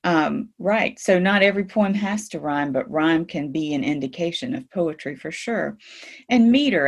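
A woman teaching a poetry class over a video call, explaining with frequent fillers and rhetorical questions. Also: deep voice. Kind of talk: online lecture on poetry.

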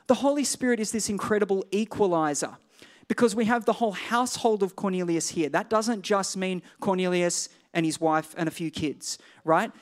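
A man's voice: high voice, normal speed. A male pastor preaching a sermon in a conversational, digressive way with self-deprecating asides.

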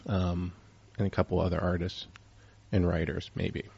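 A man's voice: sits low, little pitch movement, moderate pace, gravelly, mellow, husky, dull audio. A man hosting a casual chat, rambling with lots of fillers.

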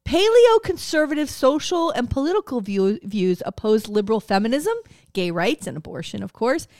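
A woman's voice: a little high, sing-song, moderate pace, darkish tone, no room sound, studio quality. Giggly, profane woman podcaster. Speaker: podcast co-host. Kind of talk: casual chat and storytelling.

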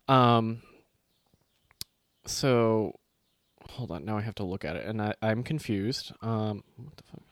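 A man's voice: fairly low pitch, dry recording, clean studio sound. A man co-hosting a podcast in casual chat, telling stories with a sarcastic, profane edge. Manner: profane, sarcastic, animated storytelling. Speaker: podcast co-host.

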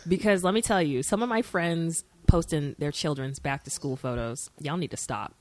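A woman's voice: deep voice, moderate pace, darkish tone. A woman co-hosting a casual podcast from her couch, emphatic and opinionated. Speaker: podcast co-host. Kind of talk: casual chat watching a show. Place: home couch.

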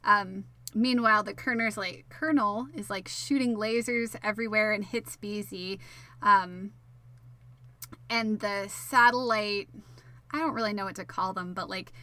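A woman's voice: medium pitch, unhurried, sharp tone, no room sound. A woman giving a casual episode recap, full of fillers, wry asides and the odd swear word. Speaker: show recapper.

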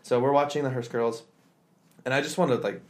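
A man's voice: mid-range voice, steady tone, fairly quick. A man hosting a podcast, telling a story in casual chat, acting out quotes in exaggerated voices with lots of fillers. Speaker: podcast host.

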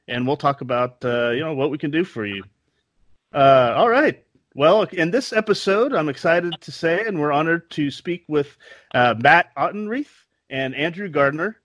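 A man's voice: fairly high pitch, fairly bright tone, no room sound. A man hosting a hunting podcast, friendly and folksy, reading promos. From Texas. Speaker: podcast host. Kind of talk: casual podcast chat.

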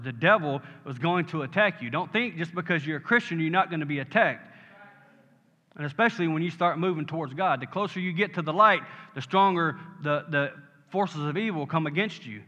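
A man's voice: fairly high pitch, fairly quick, sharp tone. A man preaching a sermon as pastor. He builds to emphatic peaks and keeps asking his congregation "Amen?". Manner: rising to emphatic call-and-response, asking "Amen?". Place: church sanctuary. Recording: muffled sound with long hall reverb.

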